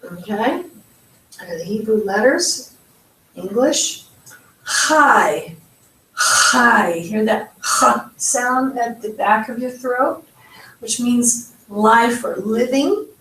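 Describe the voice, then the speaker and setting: American woman, language teacher, unhurried and careful, roomy distant recording. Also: fairly high pitch, animated. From United States. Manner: patient, careful, spells out sounds slowly. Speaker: Hebrew teacher. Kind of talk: slow step-by-step language lesson. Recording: echoey room, voice from off-mic.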